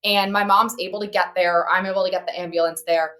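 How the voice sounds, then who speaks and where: A woman's voice: fairly low pitch, fairly even intonation, quick pace, a bit bright. A young woman co-hosting a podcast, telling a story in a chatty way, saying "like" a lot and swearing bluntly. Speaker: podcast co-host. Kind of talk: casual storytelling chat.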